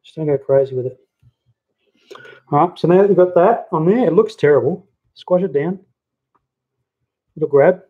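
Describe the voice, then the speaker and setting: A man giving a relaxed, chatty how-to while working on a hobby model at home, talking into a handheld camera. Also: on the high side, normal speed, pauses often. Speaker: hobby model builder, channel host. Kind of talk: casual how-to crafting chat. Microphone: handheld camera mic. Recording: dull lo-fi camera audio.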